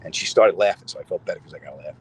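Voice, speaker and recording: Speaking very fast in a deep voice, a middle-aged comedian hosts a casual outdoor chat in a city square, telling stories and turning to his audience with asides. The recording is low quality, with slight background noise.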